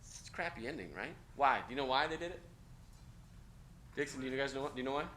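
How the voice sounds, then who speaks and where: A man's voice: medium pitch, fast talker. A man teaching a college class, talking casually and energetically, checking in often with "okay?". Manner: energetic, conversational, frequent "okay?" check-ins. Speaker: college instructor. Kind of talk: classroom lecture. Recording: echoey classroom with faint noise.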